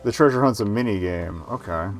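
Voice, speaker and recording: A man giving casual let's play commentary, excitable, profane and self-mocking as he plays. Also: lowish voice, a little fast, faint music behind.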